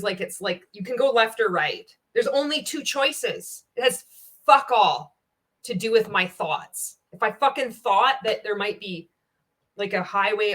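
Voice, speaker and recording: A woman reacts to a clip with blunt, sarcastic commentary, cursing freely as she picks it apart. Her voice sits at an ordinary middle pitch. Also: a bit bright. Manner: blunt, sarcastic, swears a lot. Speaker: reaction video host.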